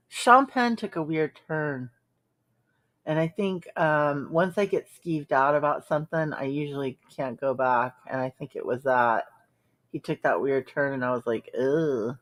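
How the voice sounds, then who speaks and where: A woman hosting a live stream, chatting casually and bluntly with viewers, sarcastic and full of ums. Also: deep voice. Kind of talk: casual chat reacting to viewer comments.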